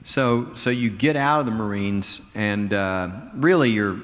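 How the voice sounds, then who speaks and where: A man's voice: fairly low pitch, measured pace. A man hosting an interview, prompting his guest with casual, conversational questions. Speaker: interview host. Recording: hall reverb.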